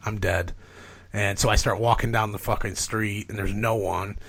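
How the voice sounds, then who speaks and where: In a fairly low voice with vocal fry and a breathy edge, a man appearing on a podcast tells a sprawling story at a moderate pace. The chat is casual and profane, peppered with "like" and "you know" as he animatedly relives the events.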